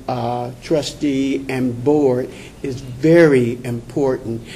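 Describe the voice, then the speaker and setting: A man speaking hesitantly on a panel as a township official, pausing often with fillers. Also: medium pitch, mellow, slight background noise. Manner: slow, hesitant, many fillers. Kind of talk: panel discussion.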